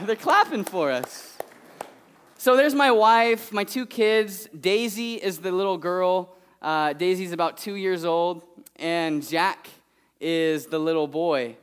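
A man in his thirties from California, preaching as a guest speaker in a church and telling a family story in a loose, conversational way. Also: high-pitched. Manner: animated and conversational, acts out his toddler's voice. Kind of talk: sermon with storytelling.

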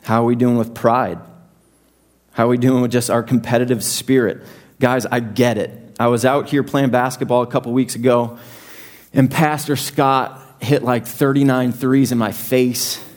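A young adult man preaching a sermon to his congregation in a conversational, self-deprecating way with animated asides. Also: medium pitch, normal speed. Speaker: pastor.

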